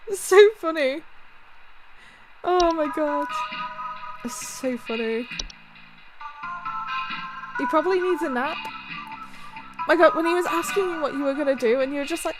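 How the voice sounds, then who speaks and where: A young woman streamer telling a story casually, animated and giggly. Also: high-pitched, measured pace, pauses often, rough recording. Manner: giggly, animated, breaks into laughter often. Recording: music playing underneath.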